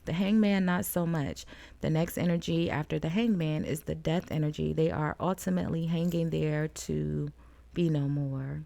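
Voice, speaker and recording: Low, gravelly-voiced woman reading tarot. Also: steady tone, normal speed, mellow. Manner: chatty, laughs often, calls the viewer "friend". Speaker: tarot reader. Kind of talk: casual tarot card reading to camera.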